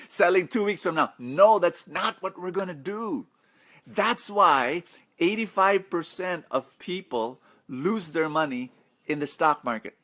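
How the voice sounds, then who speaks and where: A middle-aged man, a preacher hosting a live financial webinar, excitable and chatty, greeting viewers by name between points. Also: medium pitch. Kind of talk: live-streamed webinar talk.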